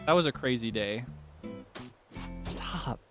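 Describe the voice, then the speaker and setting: A man streaming a game and chatting with viewers in a playful, teasing way. His voice sits fairly high and swings widely, jumping into mock-dramatic yelps. Faint music plays behind him. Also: animated, moderate pace, fairly bright tone. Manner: playful, teasing, melodramatic outbursts. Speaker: livestreamer. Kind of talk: casual gaming livestream chat.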